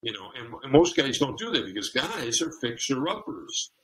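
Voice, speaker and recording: A man's voice: mid-range voice, big pitch swings, normal speed, a crowd in the background, rough recording. A man on a podcast, telling stories about relationships and acting out the scenes. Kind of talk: casual conversation.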